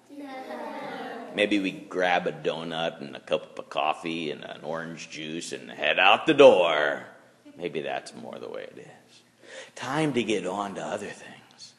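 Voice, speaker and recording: Lively pastor man in an echoing chapel. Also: deep voice, unhurried. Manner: animated, playful voices for the kids. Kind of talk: children's chapel sermon. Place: school chapel. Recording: long reverb of a chapel.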